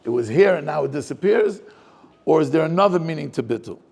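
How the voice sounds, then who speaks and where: Gravelly-voiced rabbi probing a text. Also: male voice, fairly high pitch, animated, fast talker, darkish tone. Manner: probing, asks many rhetorical questions. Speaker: rabbi teaching a class. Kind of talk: Torah class, questioning the text aloud.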